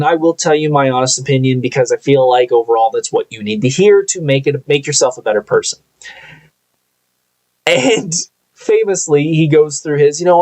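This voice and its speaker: A young man hosting a live podcast, telling a workplace story in a blunt, animated way and swearing casually. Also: mid-range voice, rough recording. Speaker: podcast host.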